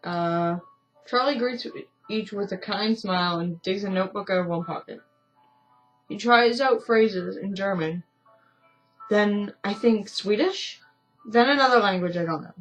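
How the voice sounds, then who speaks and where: A woman reads a story game aloud for her channel, steady and mid-pitched, now and then breaking off for casual, self-mocking remarks. Soft game music plays faintly beneath her voice. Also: measured pace, highs cut off. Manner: casual, self-deprecating asides. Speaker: let's-play streamer.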